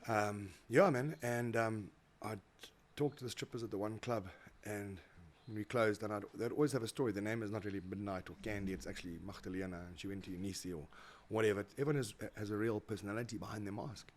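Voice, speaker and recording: A fast-talking South African man with a low voice tells his stories as a guest in a relaxed interview. He is animated and acts out the voices of the people he quotes, often repeating his words as he goes. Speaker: guest, motivational speaker. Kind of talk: casual interview storytelling.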